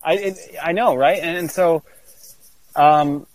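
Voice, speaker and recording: A man as an interview guest, telling a personal story earnestly, halting with many restarts and fillers. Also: fairly high pitch, dry recording, low-quality recording.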